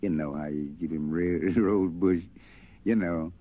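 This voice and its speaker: A man telling a folk story in a relaxed, rambling way. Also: low-pitched, measured pace. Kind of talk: folk storytelling over guitar. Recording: faint guitar behind voice.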